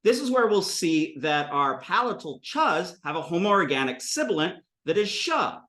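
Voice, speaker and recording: Man in his 30s, Sanskrit lecturer, lively and digressive, bright voice, acts out examples. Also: high voice, moderate pace, roomy sound. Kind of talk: informal classroom lecture. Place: classroom with students.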